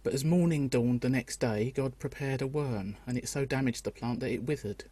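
A man reading a passage of scripture aloud in a steady, measured way. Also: mid-range voice. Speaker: scripture reader.

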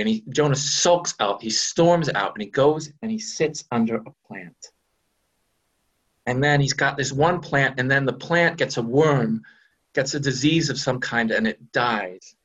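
A man from the USA, a minister giving a sermon in a conversational, animated way, often adding "right?". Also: medium pitch, measured pace, husky. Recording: dull lo-fi recording.

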